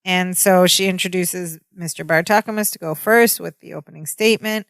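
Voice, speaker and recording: A woman's voice: fairly low pitch, moderate pace, no room sound. A woman co-hosting a podcast, casually recapping a sitcom episode and retelling scenes line by line. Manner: chatty, retells scenes with quoted lines. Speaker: podcast co-host.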